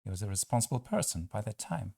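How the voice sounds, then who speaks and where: A man giving sarcastic political commentary, asking rhetorical questions and pausing on fillers. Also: fairly low pitch, sing-song, gravelly, a little mellow, slightly rough, dry recording, studio quality. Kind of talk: opinion commentary over clips.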